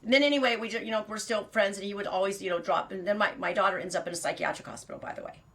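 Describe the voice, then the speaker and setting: A woman's voice: mid-range voice, fairly even intonation, very fast, fairly bright tone. A woman in her fifties hosting her own show, telling a personal story in a blunt, rambling way full of fillers and restarts, with frequent laughs. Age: 50s. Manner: laughs often. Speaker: host.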